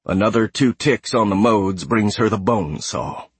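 A man narrating a sci-fi audiobook in a steady, measured way. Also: lowish voice, husky, no echo. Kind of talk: scripted narration.

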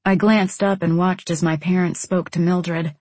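A woman's voice: lowish voice, steady tone, a little slow, darkish tone, no room sound. A woman narrating a first-person novel in a wry, introspective manner. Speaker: audiobook narrator.

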